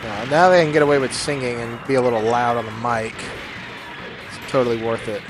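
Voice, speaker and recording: A man giving rambling, jokey gameplay commentary, with sudden loud bursts of excitement. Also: medium pitch, a little fast, background noise. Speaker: gaming YouTuber. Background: game music.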